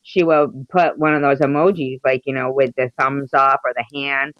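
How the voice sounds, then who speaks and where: A woman's voice: very deep voice, flat delivery, normal speed, dry recording, dull audio. A woman co-hosting a podcast, chatting casually and teasing, often trailing off mid-sentence. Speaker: podcast co-host. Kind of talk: casual chat.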